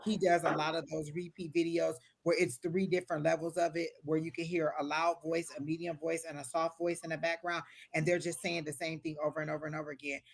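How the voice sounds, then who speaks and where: A woman's voice: sits low, level tone, fast talker, hardly any pauses, slight background noise. A woman giving psychic readings to viewers on a live stream, talking in an earnest, repetitive, motivational way with casual phrasing. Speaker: tarot and psychic reader.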